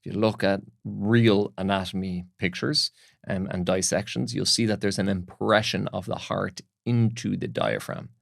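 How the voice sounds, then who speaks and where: A man who is a breath coach, speaking as a podcast guest in a calm, instructive way with anecdotes. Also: sits low, normal speed, vocal fry, dry recording, clean studio sound. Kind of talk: explanatory interview talk.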